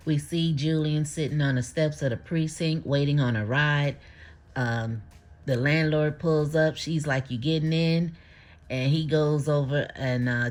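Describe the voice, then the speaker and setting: A speaker casually recapping a TV episode, retelling scenes by quoting the characters, chuckling often and adding blunt opinions. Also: mid-range voice. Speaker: TV show recapper.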